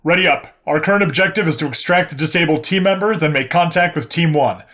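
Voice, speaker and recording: A terse male squad leader gives short, clipped commands, as a man acts him out in a narrated military story. He stays brisk and businesslike. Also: fairly high pitch, a bit bright, pitched above the performer's own voice, close to an everyday voice. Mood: commanding.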